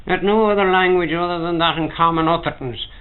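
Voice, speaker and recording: A man's voice: a little high, steady tone, a little fast, smooth, voice pushed up, natural voice. An older man with a Dublin accent reading the part of a fussy, emphatic male bartender. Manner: emphatic, prim. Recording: tinny 1950s home recording.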